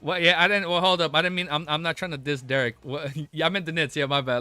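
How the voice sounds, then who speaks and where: A young man reads a web novel aloud on a live stream and keeps breaking off into excitable, slangy, swearing reactions. His voice is bright and forceful and sits a little high. The sound is dry and close, with no room echo. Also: brisk, hardly any pauses, faint music behind.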